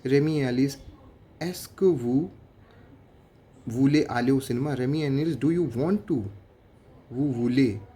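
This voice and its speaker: A man's voice: mid-range voice, normal speed, long pauses, mellow. A man with an Indian English accent, a French teacher explaining grammar methodically and translating each example line by line.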